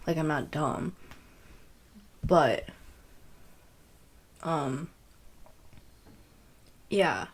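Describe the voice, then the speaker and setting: A woman's voice: low-pitched, lively intonation, drawn-out words, pauses often. A young woman telling a personal story in a casual, rambling way, full of fillers and self-corrections. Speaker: podcast host.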